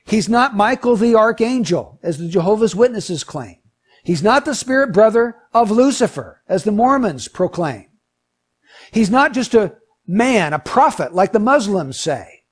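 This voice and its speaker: A male preacher with a husky, fairly high voice that swings widely in pitch. He delivers his sermon with animation, building to emphatic peaks before falling back low and quiet. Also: very animated, a little slow. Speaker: pastor.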